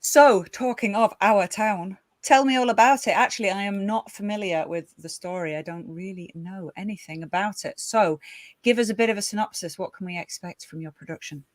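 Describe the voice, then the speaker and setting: A young British woman hosting a livestream chat show, chatty and quick to giggle at herself. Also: mid-range voice, no room sound, studio quality. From Britain. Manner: chatty, giggly, self-mocking. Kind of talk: casual chat.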